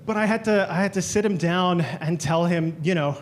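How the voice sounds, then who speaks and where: A man's voice: high-pitched, normal speed, a little hiss or hum. An Australian man doing a stand-up comedy set in a club, telling stories and quoting people in exaggerated voices. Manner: animated storytelling, quoting others in exaggerated voices.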